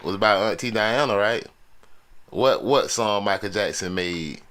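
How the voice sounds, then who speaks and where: A man's voice: fairly low pitch, measured pace, fairly bright tone. A man chatting casually to his viewers in a loose, slangy, joking way as he shows off his record collection. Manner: loose, slangy, joking, talks straight to the audience. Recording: crowd and noise behind the voice.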